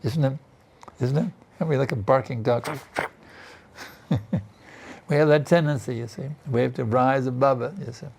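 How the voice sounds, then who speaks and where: A man's voice: mid-range voice, steady tone, moderate pace, gravelly, long pauses, darkish tone, slight background noise. An older man teaching a scripture class in a temple, talking in a chatty way and often asking "isn't it" and "you see". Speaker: spiritual teacher giving a class. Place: temple in Vrindavan.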